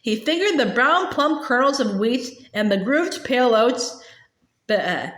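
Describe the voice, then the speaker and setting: Lively, high-voiced woman reading a storybook aloud. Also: unhurried, echoey room. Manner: hesitant, with many filler sounds and stumbles. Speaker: storybook reader. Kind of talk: reading a children's novel aloud.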